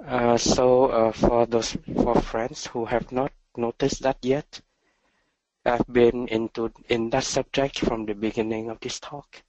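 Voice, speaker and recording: Soft-spoken slow meditation teacher, man. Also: medium pitch, level tone, no echo, poor audio. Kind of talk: dharma talk.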